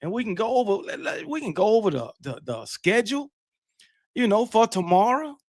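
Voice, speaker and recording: A man hosts a late-night live stream with clean studio sound and no room echo, talking a little fast in a high voice with big pitch swings. He shouts loud hype, then relaxes into reading chat names and greeting viewers casually.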